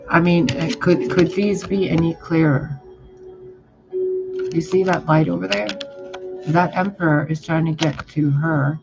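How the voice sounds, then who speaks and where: A man's voice: on the high side, steady tone, a little slow, vocal fry, pauses often. A man giving a casual tarot reading, blunt, profane and exasperated. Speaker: tarot reader. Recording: muffled, with music behind. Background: music.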